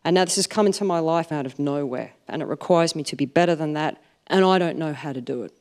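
A woman, telling self-mocking comic stories to a live audience with deadpan punchlines. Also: low voice, fast talker. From Australia. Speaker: stand-up comedian.

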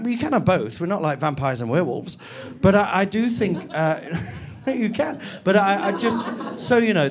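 Laughing comedian with a live crowd. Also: male voice, a little high. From England (Nottingham). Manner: chatty, self-mocking, laughs through lines. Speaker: stand-up comedian. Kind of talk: stand-up comedy set. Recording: live venue with audience laughter.

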